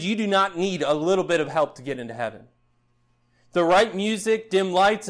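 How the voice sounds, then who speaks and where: A man preaching a sermon in an earnest style, building up loud passages and then dropping low and quiet. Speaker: pastor.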